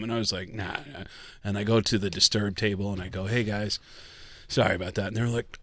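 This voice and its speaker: A man's voice: lowish voice, fast, dry recording. A man, a guest comedian, telling stories in a casual podcast chat and acting out the people in them. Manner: animated storyteller, acts out quotes.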